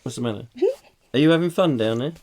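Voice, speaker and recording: A man with a sore, croaky throat, co-hosting a comic live chat show, rambling playfully as he reads out viewer comments. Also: mid-range voice, quick pace. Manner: rambling, playful and absent-minded. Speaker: co-host. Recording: live stream with clear background noise.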